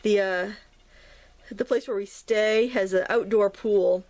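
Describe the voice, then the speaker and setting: With a medium-pitched, darkish voice, a middle-aged New Englander takes her time and keeps her tone steady. She's teaching a casual watercolor tutorial, chatting and rambling and often laughing at her own expense.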